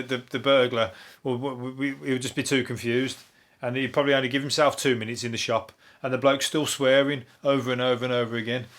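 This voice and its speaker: A Brummie comedian hosts a solo podcast, riffing on news stories in a dry, deadpan way. He rambles, swears freely and loses his thread. His voice sounds a little hoarse and worn. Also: mid-range voice. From Birmingham, England. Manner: deadpan, rambling, sweary, laughs at own jokes. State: voice going hoarse.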